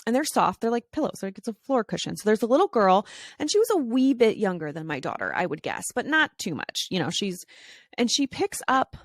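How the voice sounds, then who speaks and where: A woman in her thirties talks through a casual podcast monologue, middle-pitched and chatty. She acts out bits of dialogue with quick shifts and laughs easily. The sound is dry and close. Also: big pitch swings, no echo. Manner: chatty with frequent fillers and laughs. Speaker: podcast host.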